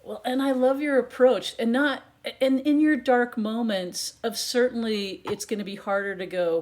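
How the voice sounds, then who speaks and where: A woman's voice: fairly high pitch, fairly even intonation, normal speed, few pauses, darkish tone. A woman hosting a podcast interview who speaks in an earnest, empathetic way. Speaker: podcast host. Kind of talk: interview conversation.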